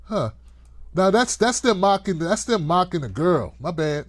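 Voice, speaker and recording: A man's voice: sits high, sing-song, unhurried, dry recording. A man hosting a political commentary show, talking in an emphatic, sarcastic monologue.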